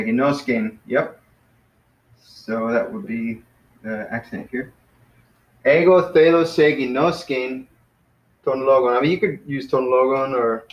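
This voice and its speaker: Man, teacher, relaxed and casual, lots of fillers, roomy echo, dull lo-fi sound. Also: medium pitch. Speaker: Greek teacher. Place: classroom. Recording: roomy, dull lo-fi classroom recording.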